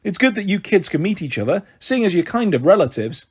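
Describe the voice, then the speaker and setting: Male reader as runaway dad, husky, casual and evasive, a touch higher than his narration. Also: sing-song, brisk, exaggerated voice. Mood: jolly. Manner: breezy, offhand, awkward. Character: casual, evasive father who walked out. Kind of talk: audiobook character voice.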